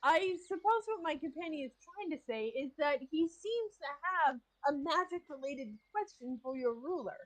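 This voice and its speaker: A woman's voice: high-pitched, animated, moderate pace, few pauses, low-quality recording. A woman speaking politely and formally in character during a tabletop game. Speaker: player.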